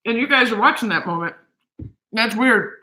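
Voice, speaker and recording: A woman's voice: fairly high pitch, expressive, normal speed, sharp tone, reverberant, rough recording. A woman talking casually to camera in her home kitchen, gushing and emotional as she eats. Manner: gushing and emotional, talks while eating. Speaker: cooking vlogger.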